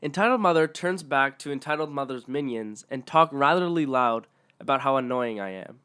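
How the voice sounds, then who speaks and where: A man's voice: mid-range voice, expressive, normal speed, sharp tone, smooth. A man narrating online stories aloud in a matter-of-fact way.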